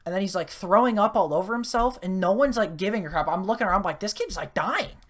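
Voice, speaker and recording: Talking fast in a mid-range voice, a young woman hosting a podcast relates a casual story. She rambles, stumbling into fillers and restarts, and gets animated and loud at the story's high point.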